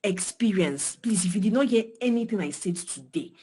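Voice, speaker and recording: Nigerian woman, husky voice, fired up mentoring talk, keeps repeating herself for emphasis, pitch jumps all over. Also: lively intonation, normal speed. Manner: emphatic, swings pitch and loudness widely, repeats phrases for emphasis. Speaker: design mentor speaking to beginners. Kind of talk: passionate motivational talk.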